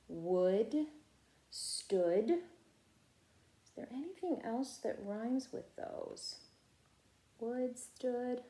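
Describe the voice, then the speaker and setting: A young woman teaching a first grade phonics lesson, patient and clear, stretching out sounds for children to echo. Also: medium pitch, dark tone.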